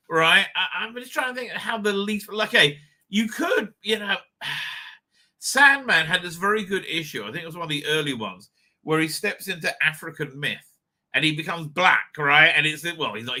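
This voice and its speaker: A man giving a live reaction review in a very bright, forceful voice that sits a little high. He rambles and restarts, swears freely, and flares into loud outbursts. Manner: rambling, profane, stop-start with sudden loud outbursts. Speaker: show host and reviewer.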